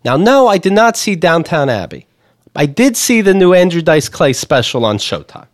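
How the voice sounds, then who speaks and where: This podcast co-host speaks at a normal speed in a slightly high voice, clowning around and breezing through ad copy with animated energy. The audio is clean studio quality, with no room sound, and the tone is casual comedic banter.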